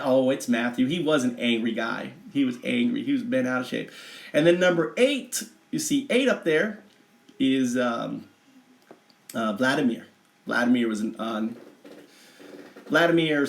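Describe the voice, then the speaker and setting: A man talking through a chart in a digressive, rambling monologue, restarting often and bursting into excitement. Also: medium pitch, echoey room. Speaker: vlogger explaining a chart of figures.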